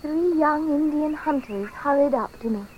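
A woman narrating a story in the first person, reading clearly and deliberately. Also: high voice, dull audio, slight background noise.

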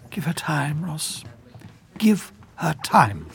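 A patient drama teacher. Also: male voice, on the high side, very slow, vocal fry, slight background noise, full character voice. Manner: calm, directing.

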